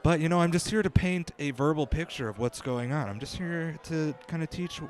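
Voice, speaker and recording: A man's voice: fairly high pitch, a little fast. A young man hosting a comedy podcast, rambling through a bumbling, self-deprecating mock field report with the odd swear word.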